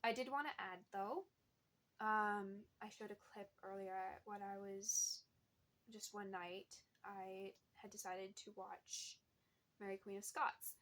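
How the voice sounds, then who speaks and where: A woman's voice: mid-range voice, fairly even intonation, slow, a bit bright. A young woman chatting casually about what she's reading, rambling along with lots of fillers and small laughs. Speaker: book vlogger. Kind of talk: casual book chat.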